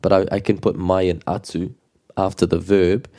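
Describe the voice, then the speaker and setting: Deep, mellow-voiced New Zealand man as a patient language teacher who repeats phrases slowly. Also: level tone. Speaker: te reo Māori teacher. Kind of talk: relaxed language lesson.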